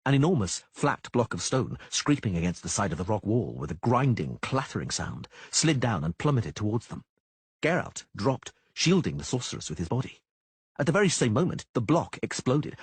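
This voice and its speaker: A man reading an audiobook in a dramatic, expressive manner. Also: on the low side, normal speed, husky, no echo. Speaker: audiobook narrator.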